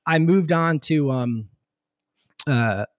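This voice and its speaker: A middle-aged man from Connecticut, a podcast guest and former helicopter pilot, telling stories in a casual, animated way with frequent laughs and restarts. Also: fairly high pitch, slow, no room sound, studio quality. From Connecticut, USA. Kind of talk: casual storytelling chat.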